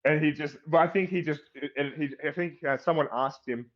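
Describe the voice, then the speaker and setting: A man's voice: on the high side, fairly even intonation, brisk, lo-fi sound. A man chatting casually on a podcast, rambling and swearing as he goes. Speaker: podcast co-host. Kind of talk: casual chat.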